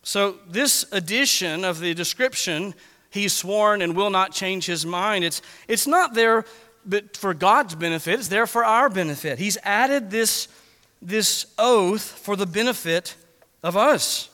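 A man preaching an expository sermon as pastor, earnest, slowing down to read scripture deliberately. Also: sits high, lively intonation, sharp tone. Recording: long reverb of a large hall.

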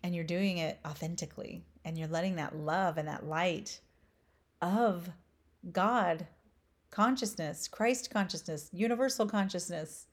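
Slow-spoken woman giving a spiritual talk. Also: lowish voice. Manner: slow, emphatic rhetorical questions. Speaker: spiritual teacher.

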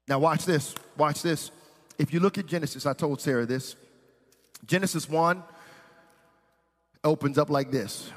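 A man's voice: on the high side, animated, normal speed. Preaching man in a reverberant church. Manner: preaching with rising intensity and playful asides. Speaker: pastor. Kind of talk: sermon. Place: church sanctuary.

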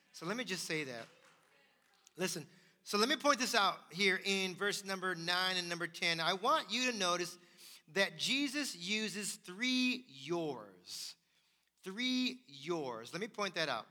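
A man's voice: on the high side, sharp tone. A man preaching a sermon as pastor, emphatic and repeating his key phrases. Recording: long hall reverb.

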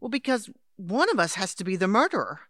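An actress playing Henrietta, a brisk, patronizing elderly woman in an audio drama. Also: mid-range voice, sing-song, a bit bright, breathy edge, dry recording, clean studio sound. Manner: brisk, patronizing, calls others dear and darling. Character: scheming elderly woman, Henrietta, would-be crime writer.

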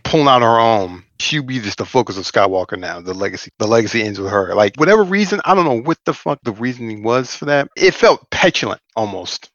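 A man's voice: medium pitch, animated, a little fast, hardly any pauses, a bit bright, no echo, highs cut off. Blunt, swearing man in podcast chat. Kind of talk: casual chat.

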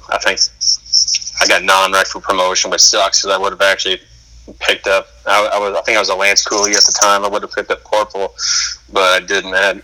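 A man speaks in a casual chat, hesitating often and restarting his sentences. His voice sits low but has a very bright, forward edge. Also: rough recording. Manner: hesitant, lots of fillers and restarts. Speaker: guest.

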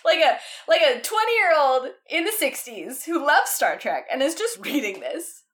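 A young woman explains a book to her co-host in casual, animated chat, laughing often. Her voice is fairly high and swoops widely. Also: normal speed. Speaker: podcast co-host reading a novel aloud.

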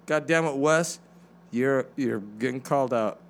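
A man co-hosting a casual podcast, loud and stubborn, rambling as he argues. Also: mid-range voice, a little slow, creaky. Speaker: podcast co-host.

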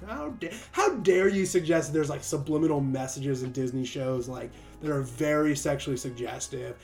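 A man's voice: medium pitch, expressive, normal speed, vocal fry, few pauses, a little mellow, soft background music. A man delivering a sarcastic opinion monologue, mocking his targets and laughing often. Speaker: commentator.

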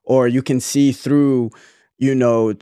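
A man's voice: mid-range voice, fairly even intonation, takes it slowly, warm tone, clean tone, no room sound. Young man, casual podcast co-host, earnest rambling delivery, dry close sound. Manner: rambling, earnest, many restarts. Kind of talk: casual chat.

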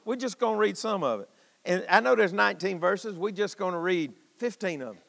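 A man's voice: high voice, gravelly, fairly bright tone, long reverb tail. A man preaching an impassioned, folksy sermon to his congregation, calling out to them as he goes. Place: church sanctuary.

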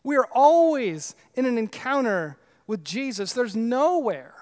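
A man with a fairly high voice delivers a sermon, hammering key phrases with repetition. He drops into easy, conversational asides between his emphatic points. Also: very animated, unhurried, darkish tone. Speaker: pastor.

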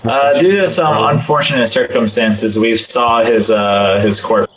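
A man's voice: medium pitch, a little slow, a bit bright, slight background noise, rough recording. A man playing a tabletop game, talking bluntly in casual chat. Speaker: player.

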